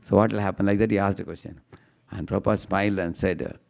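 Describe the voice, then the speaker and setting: A man giving a devotional storytelling lecture, chanting verses slowly and often asking the audience "huh?". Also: low-pitched, steady tone, creaky, a little mellow. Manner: chants verses in a slow singsong; tags lines with questioning "huh?" to the audience. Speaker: speaker giving a devotional class.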